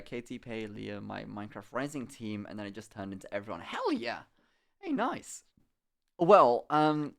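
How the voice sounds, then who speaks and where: A young man with a fairly low-pitched voice is streaming live and chatting casually with viewers. He's telling a vivid story laced with swearing, laughing often.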